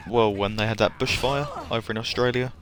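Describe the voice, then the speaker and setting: A man's voice: mid-range voice, steady tone, a little fast, fairly bright tone. A man chatting casually as a livestreamer during a game, rambling and giggly. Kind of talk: casual gameplay livestream chat.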